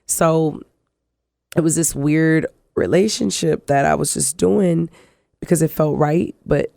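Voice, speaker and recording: A middle-aged woman, a guest telling her life story in an interview, animated and acting out the voices in her quotes. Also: deep voice, measured pace, creaky, no echo, clean studio sound.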